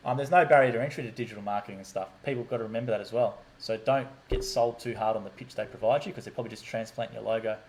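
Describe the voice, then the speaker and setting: A man co-hosting a casual chat, upbeat and quick in bursts. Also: fairly low pitch, darkish tone, a little hiss or hum, poor audio. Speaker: co-host.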